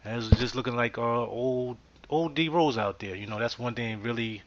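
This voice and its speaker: A man's voice: mid-range voice, normal speed. A man hosting a podcast in a casual, easygoing way, with many fillers. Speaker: podcast host. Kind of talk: casual sports talk. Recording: muffled lo-fi podcast audio.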